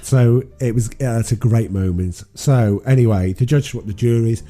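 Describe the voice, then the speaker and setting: A man's voice: mid-range voice, normal speed, dark tone. A man co-hosting a podcast, casually retelling a film plot with many ums and restarts. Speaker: podcast co-host. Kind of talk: casual film recap chat.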